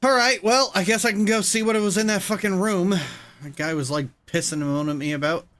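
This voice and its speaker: A man's voice: high voice, fast talker, a bit bright. A man casually commenting as he streams a video game, joking and swearing loosely.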